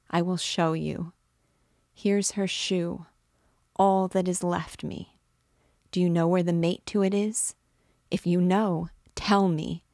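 A woman's voice: on the low side, no echo, studio quality. A woman reading aloud voices a frantic, grieving old recluse who cries out and pleads in a raised, desperate voice.

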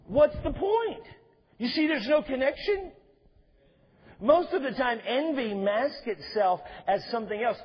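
A man's voice: very high voice, animated, unhurried, slightly rough, dull audio. A male pastor preaching a sermon in a conversational way, with joking asides to the congregation. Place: church sanctuary.

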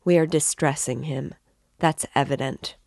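A woman voicing an earnest young woman, gentle but firm. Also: low voice, fairly even intonation, measured pace, vocal fry, no room sound, clean studio sound. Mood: concerned.

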